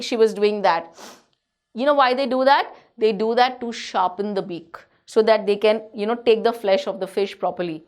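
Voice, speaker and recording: A woman teacher with an Indian English accent who reads story lines slowly and then explains them to students in simple words. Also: a little high.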